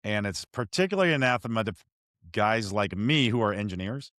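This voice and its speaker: A man hosting a podcast interview, telling stories in an animated, self-deprecating way with frequent restarts. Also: lowish voice, brisk, dry recording, clean studio sound. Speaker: podcast host. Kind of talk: conversational interview.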